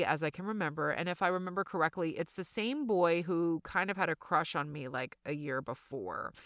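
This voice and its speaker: Middle-aged southern woman chatting to y'all, low-ish bright voice, dry close mic. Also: dry recording. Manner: chatty, self-deprecating, addresses listeners as y'all. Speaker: podcast host. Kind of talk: personal storytelling podcast.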